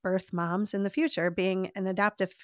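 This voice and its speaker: A woman's voice: mid-range voice, level tone, moderate pace, dry recording, studio quality. A woman as a podcast guest, telling a personal faith testimony in an earnest, heartfelt way, often saying "like". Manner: earnest, heartfelt storytelling with frequent "like".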